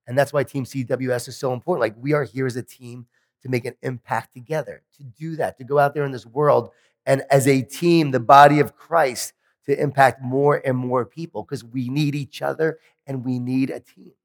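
A man giving a motivational keynote speech at a conference, telling animated stories with self-deprecating humor. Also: medium pitch, moderate pace. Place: large conference hall. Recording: long hall reverb.

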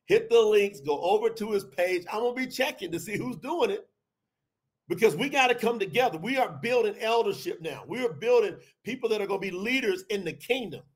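A middle-aged man giving a livestreamed scripture talk as podcast host, preaching fervently and shouting out at the peaks. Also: high-pitched.

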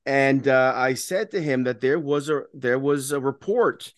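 Male co-host, halting fillers. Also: mid-range voice, no room sound, studio quality. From Maryland, USA. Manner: conversational, halting with many fillers. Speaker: podcast co-host. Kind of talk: casual political chat.

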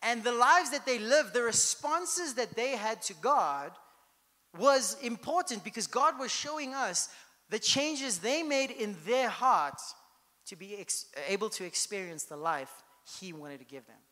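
A man's voice: very high voice, animated, unhurried, bright, forceful tone, big-room sound. A man preaching a sermon as pastor, in a conversational style that keeps checking in with the congregation.

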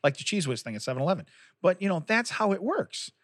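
A man's voice: sits high, big pitch swings, quick pace, no room sound. A man co-hosting a casual chat show, telling rambling stories and laughing often.

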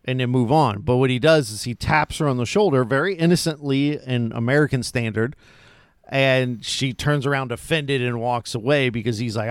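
A man's voice: mid-range voice, moderate pace, clean tone, no echo, studio quality. A man co-hosting a podcast, casually retelling film scenes and chatting. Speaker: podcast co-host.

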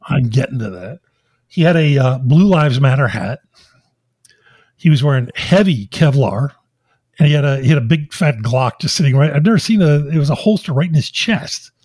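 A podcast co-host with a husky, medium-pitched voice speaks at a moderate pace, with no echo. He tells a story in casual conversation as an animated storyteller, laughing often and acting out the voices of people he quotes.

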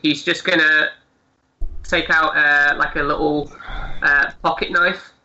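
Slow, bright-voiced British player. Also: male voice, a little high, level tone, muffled recording. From United Kingdom. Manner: slow, hesitant, playfully describing his character. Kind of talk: tabletop game play.

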